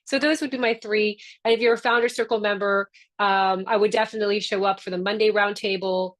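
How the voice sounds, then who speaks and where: Over a video call, a woman who founded the group hosts a membership session in a casual webinar style, chatty, upbeat and encouraging. She has a mid-range voice with fairly even intonation and a brisk pace.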